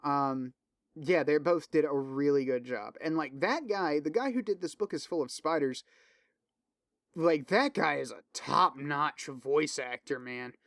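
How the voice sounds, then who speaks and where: Solo podcaster, male, fairly high voice, dry close sound, loose and profane, eager recommender. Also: unhurried, creaky, a bit bright, no echo. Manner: loose, profane, filler-heavy rambling with restarts; enthusiastic recommending. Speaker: podcast host. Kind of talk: casual solo podcast chat.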